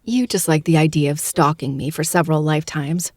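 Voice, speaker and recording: A man voicing a wary, defiant young woman in a quick, clipped falsetto while reading a story aloud. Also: steady tone, dry recording, clean studio sound, close to an everyday voice. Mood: snarky.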